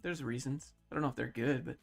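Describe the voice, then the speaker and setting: A man in his thirties on a casual livestream, reading chat questions aloud and answering them in a low-key, mellow way. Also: quick pace, gravelly, soft background music. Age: 30s.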